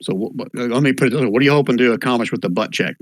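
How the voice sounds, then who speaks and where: A man running an online tabletop game as game master, relaxed and halting, with plenty of fillers, on a computer mic. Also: medium pitch, no echo. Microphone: computer mic on an online call.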